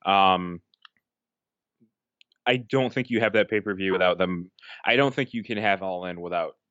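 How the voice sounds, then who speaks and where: A man with a low, smooth voice talks loosely on a podcast, wandering through his thoughts with plenty of ums and restarts. The sound is dry and a little dull, like a lo-fi home recording. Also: normal speed, fairly bright tone, no echo. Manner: rambling, full of fillers and restarts. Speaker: podcast co-host. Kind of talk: casual chat.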